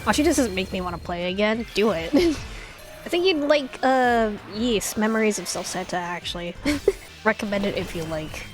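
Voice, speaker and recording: A woman's voice: mid-range voice, animated, moderate pace, low-quality recording. A woman streamer chatting casually while playing a game, laughing often. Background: game music.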